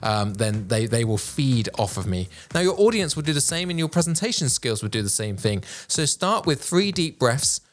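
A man hosting a podcast on presenting, speaking with an energetic, projected voice and careful, clear enunciation into a studio microphone. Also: medium pitch, normal speed, hardly any pauses. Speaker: podcast host.

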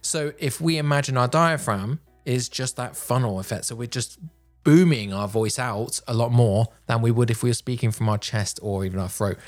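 A man coaching public speaking, talking in a projected, deliberate way with pauses, recorded on a microphone while wearing headphones. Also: mid-range voice, faint music behind. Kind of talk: instructional talk to camera. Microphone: headphones and a normal microphone.

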